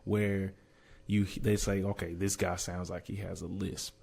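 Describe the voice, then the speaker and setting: A man chats on a podcast in a low voice. His tone is mellow and dark. He speaks bluntly and swears freely. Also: flat delivery, a little slow, creaky, breathy edge. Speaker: podcast co-host. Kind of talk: casual chat.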